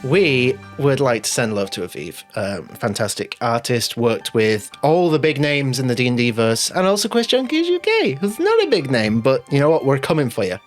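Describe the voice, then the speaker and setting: Animated game master, rambling shout-outs. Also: mid-range voice, normal speed, few pauses. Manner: animated, rambling, self-mocking, swears playfully. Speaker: game master and show host. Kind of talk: lively sponsor and channel announcements before a tabletop game stream. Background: faint background music.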